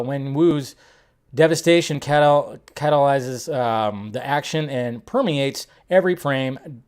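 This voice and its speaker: A man's voice: medium pitch, smooth. A young adult man hosting a casual film-news livestream, rambling and joking as he reacts to reviews. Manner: rambling, animated, jokey. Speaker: livestream host.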